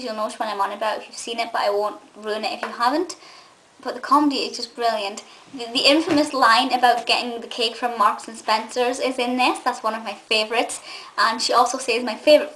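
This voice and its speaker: A woman's voice: on the high side, brisk, sharp tone, low-quality recording. A young Scottish woman giving a gushing, chatty film review full of fillers and restarts. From Scotland. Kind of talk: casual film review monologue.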